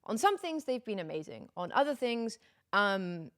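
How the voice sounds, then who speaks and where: A woman's voice: medium pitch, sing-song, normal speed. A young woman, chatting candidly with her stream viewers, wry and laughing through her complaints. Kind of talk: casual chat to stream viewers.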